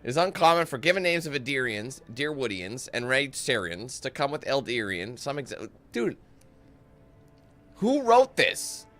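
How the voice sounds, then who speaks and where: A man's voice: mid-range voice, expressive, brisk, hardly any pauses, pushed and bright, faint music behind. A young man giving casual, joking gameplay commentary, reading in-game texts aloud and breaking off into parody singing.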